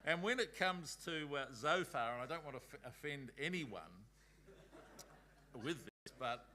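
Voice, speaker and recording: A man's voice: fairly high pitch, animated, unhurried, bright, forceful tone. A man speaking at a Bible school, giving a conversational talk and reading passages aloud.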